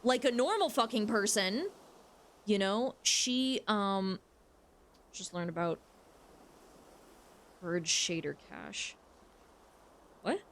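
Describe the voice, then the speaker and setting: A woman's voice: mid-range voice, animated, slow, pauses often, a bit bright, a little hiss or hum. A young woman streamer chatting casually while she plays a game, rambling frankly and swearing freely. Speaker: gaming streamer.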